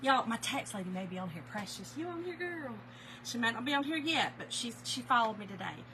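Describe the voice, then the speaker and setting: A woman's voice: fairly high pitch, animated, fast talker, background noise. A middle-aged woman chatting animatedly with viewers on a live stream, laughing often. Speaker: small business owner hosting a live stream. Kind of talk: casual live-stream chat.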